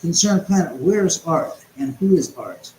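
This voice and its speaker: A man's voice: on the high side, animated, measured pace, a little mellow, roomy sound, slight background noise, low-quality recording. A man hosting a casual livestream chat from home, rambling and sarcastic and swearing often. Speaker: livestream host.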